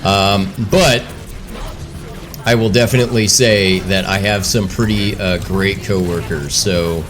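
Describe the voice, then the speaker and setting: A man's voice: low voice, fairly even intonation, a little slow, music in the background. A man streaming live while he plays, ranting casually with profane, exasperated storytelling.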